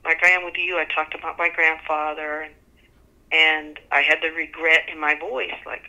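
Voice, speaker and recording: Woman, Texan accent, middle-aged, singer as interview guest, lively anecdotes, low and bright voice. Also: moderate pace, poor audio. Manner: animated, acts out quoted voices. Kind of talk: conversational storytelling.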